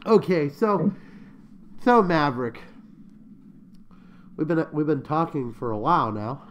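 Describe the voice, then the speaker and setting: Hosting a laid-back online interview via remote call, a man jokes, laughs and slips into sung lines. His voice is a little high and very animated, moving at a measured pace. The lo-fi audio has slight background noise.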